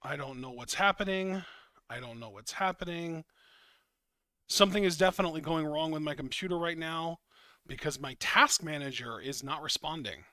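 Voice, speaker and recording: A man's voice: on the high side, moderate pace, bright, forceful tone, no room sound, clean studio sound. A man hosting a casual podcast stream from his computer, talking frankly and swearing freely. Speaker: podcast host running the stream. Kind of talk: casual chat. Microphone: computer mic on a call.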